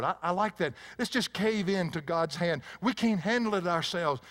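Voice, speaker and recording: Male pastor, sermon delivery, a bit higher pitch, dynamic swings in volume. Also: normal speed. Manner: dynamic preaching, swings between loud emphasis and quiet. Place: church sanctuary with congregation.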